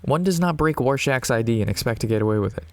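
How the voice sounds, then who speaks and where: A man's voice: mid-range voice, animated, fast, no room sound. A man in his twenties giving casual, rambling commentary on his own card game match, swearing and laughing often. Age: 20s. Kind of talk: casual gameplay commentary mixed with an anecdote.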